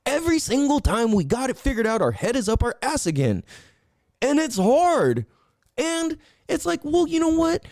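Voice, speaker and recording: A young adult man hosting a podcast, talking in a casual, profane, preachy monologue that swings from loud highs to low drawn-out words. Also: very animated, vocal fry, dry recording, studio quality. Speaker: podcast host.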